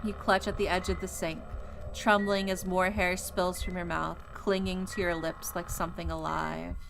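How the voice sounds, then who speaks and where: A woman streaming a horror visual novel, reading its narration in a measured, atmospheric way with casual asides. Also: lowish voice, level tone, gravelly, background noise.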